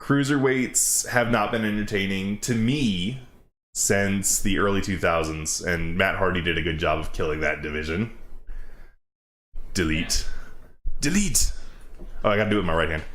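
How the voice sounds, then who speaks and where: A man's voice: sits low, fairly even intonation, a little fast, a bit bright, slight background noise. A man hosting a casual reaction chat, ranting and sarcastic. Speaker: host. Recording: roomy echo.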